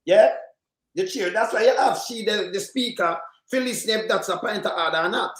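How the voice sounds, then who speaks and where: A man's voice: high voice, moderate pace. A Jamaican man hosting a casual political commentary show, rambling and emphatic in heavy patois. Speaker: host. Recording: echoey room.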